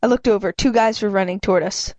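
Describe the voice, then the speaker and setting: A woman's voice: fast, a little mellow, dry recording. A woman reading a children's chapter book aloud, often stumbling and restarting lines and stopping to apologize. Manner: reads with frequent stumbles and restarts, voicing characters with raised pitch; apologizes and comments between passages. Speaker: amateur reader.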